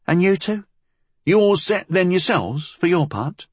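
Guy putting on a blunt crude thief girl, higher than his own voice, husky, audiobook. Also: animated, unhurried, darkish tone, dry recording. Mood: gruff. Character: tough young female London thief, blunt.

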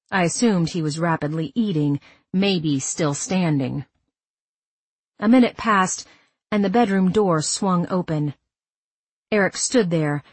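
Husky woman reading a story. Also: fairly low pitch, darkish tone, dry recording. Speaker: audiobook narrator. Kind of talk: first-person scripted narration.

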